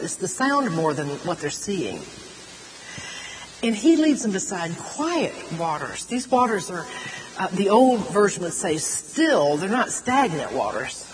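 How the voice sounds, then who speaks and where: Woman preaching in a reverberant hall. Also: medium pitch. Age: middle-aged. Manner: earnest, animated, drawing out words for emphasis. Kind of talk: sermon. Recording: long hall reverb, faint noise.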